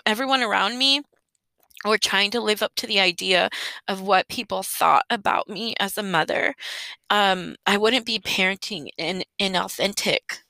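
Bright-voiced mother, emotional and heartfelt. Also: medium pitch, no echo, low-quality recording. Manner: heartfelt, emotional, with soft laughs. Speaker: mother sharing a personal story. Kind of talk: emotional personal monologue.

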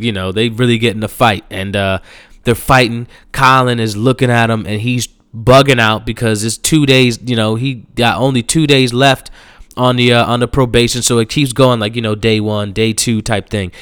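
A man's voice: mid-range voice, fairly bright tone, smooth, no room sound, clean studio sound. Rambling man recapping a movie. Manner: rambling, loose street slang with frequent restarts and fillers.

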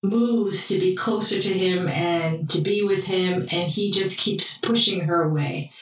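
A woman's voice: lowish voice, measured pace. Brief: easygoing woman storyteller, mic at a distance, very roomy sound. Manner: relaxed storytelling with fillers. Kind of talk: casual chat recapping a TV drama. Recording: echoey room, far from mic, faint music.

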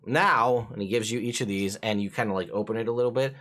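A man's voice: lowish voice, fairly even intonation, very fast. Man narrating as game master. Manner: casual, jokey narration.

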